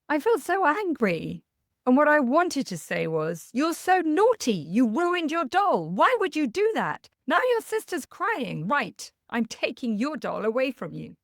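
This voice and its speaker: A woman's voice: mid-range voice, no room sound, clean studio sound. A middle-aged woman hosting a parenting podcast, talking candidly and reassuringly and sharing personal stories. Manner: earnest, candid and reassuring, laughing at herself. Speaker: parenting coach, podcast host. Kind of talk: podcast monologue with personal anecdotes.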